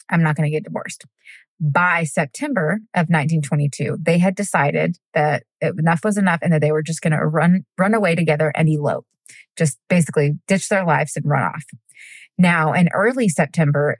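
A woman's voice: fairly low pitch, no room sound. A woman co-hosting a podcast, telling a true crime story in a chatty, giggly way, with casual swearing and tangents. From United States.

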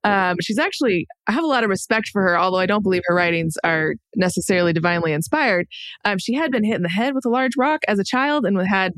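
A woman's voice: medium pitch, animated, fast talker, a bit bright, no echo. Reflective woman podcast guest. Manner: thoughtful, reflective, laughs lightly. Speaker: guest author. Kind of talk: casual conversational interview.

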